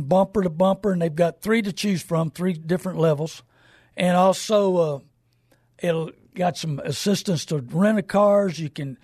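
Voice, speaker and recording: An older man with a drawl hosts a call-in radio show about cars, rambling and selling in a folksy way. His voice sits high and a little husky. It is recorded dry and close. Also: a little mellow, no echo. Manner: folksy, rambling, salesman's pitch. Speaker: radio show host and car dealer. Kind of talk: casual call-in radio talk with plugs.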